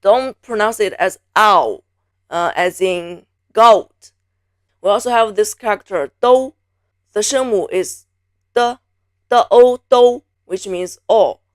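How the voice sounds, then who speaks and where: A woman from Beijing teaches a Mandarin pronunciation lesson, patiently drilling each sound by repeating it slowly several times. Her voice is medium-pitched, recorded as clean studio sound with no room sound.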